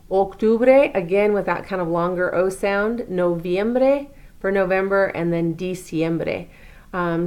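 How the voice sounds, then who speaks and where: Patient woman teacher, lowish voice. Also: darkish tone. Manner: patient, encouraging, spells words letter by letter. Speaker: Spanish teacher. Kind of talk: recorded classroom lesson walkthrough.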